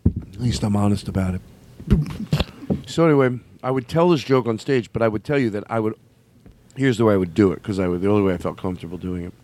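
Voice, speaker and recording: A man's voice: lowish voice, quick pace, pauses often, background noise. A man hosting a comedy podcast, rambling through a stand-up bit with self-mocking asides. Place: podcast studio with a small stage.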